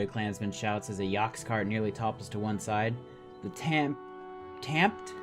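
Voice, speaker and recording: A man hosts a let's play, reading game text aloud and breaking in with jokey asides. His pitch swings widely from line to line, and faint game music plays behind him. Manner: jokey, reads dialogue with playful asides. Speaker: gaming video host.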